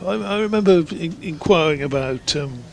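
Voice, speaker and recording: A man's voice: fairly high pitch, animated, moderate pace, vocal fry, a little hiss or hum. A man giving live ball-by-ball cricket commentary in a chatty, rambling way, drifting into anecdotes between deliveries.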